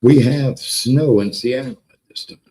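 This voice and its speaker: A man hosting a casual livestream, excitable and profane, greeting chatters by name and repeating words for emphasis. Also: mid-range voice, measured pace, low-quality recording. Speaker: livestream host. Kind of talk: casual live-stream chat with viewers.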